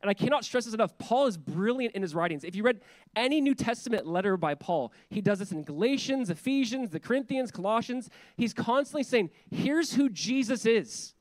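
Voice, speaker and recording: Man, pastor, casual animated sermon, fairly high pitch, dry recording. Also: brisk, no room sound, low-quality recording. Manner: conversational and animated, acting out quoted voices. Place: church hall.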